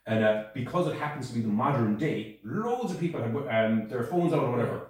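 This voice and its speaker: A man co-hosting a podcast, telling stories in a loose, animated way with frequent laughs. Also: medium pitch, quick pace. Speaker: podcast co-host. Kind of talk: casual chat. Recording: echoey room, mic at a distance.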